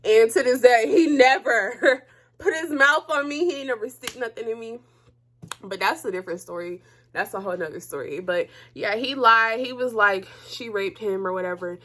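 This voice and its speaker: A woman's voice: mid-range voice, a little fast. A young woman telling a personal story to her viewers in casual chat, blunt and profane, her voice jumping up when she gets heated. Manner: animated, voice jumps up when heated.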